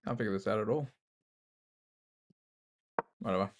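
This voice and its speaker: A man's voice: fairly low pitch, normal speed. A man with an Australian accent streaming chess, mumbling his thoughts and chatting to viewers between moves in a self-deprecating way. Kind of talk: casual live-stream commentary while playing chess.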